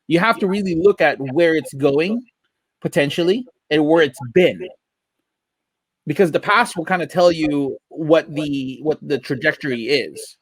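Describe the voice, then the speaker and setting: Male podcast co-host, higher voice, dry close sound, easygoing and jokey. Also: measured pace, dry recording. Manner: animated, laughs a lot, jokey. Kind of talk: casual chat.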